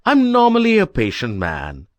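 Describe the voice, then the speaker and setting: A woman's voice: fairly low pitch, wildly swooping pitch, moderate pace, no echo. A woman reading a storybook, voicing a grumpy, impatient carter who speaks in a grumbling, sarcastic way.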